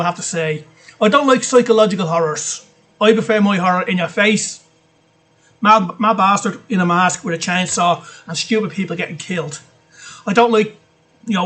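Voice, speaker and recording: A man's voice: high-pitched, a bit bright. An Irish man chatting casually and bluntly in a vlog, rambling, with frequent swearing. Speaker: vlogger. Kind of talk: casual film list chat.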